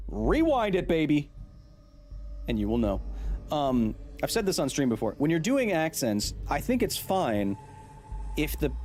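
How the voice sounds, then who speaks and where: A man's voice: mid-range voice, a little mellow. A man doing live gameplay commentary as a science streamer, reacting to the game and reading chat aloud.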